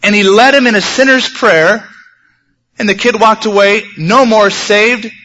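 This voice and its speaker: A male pastor preaching a sermon in a conversational way that sometimes turns animated. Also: sits high, measured pace. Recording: dull lo-fi sermon recording.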